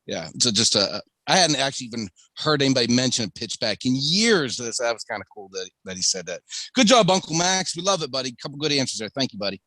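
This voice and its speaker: Fast, bright-voiced male co-host. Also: mid-range voice, very animated, dry recording. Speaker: podcast co-host. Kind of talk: casual sports podcast chat.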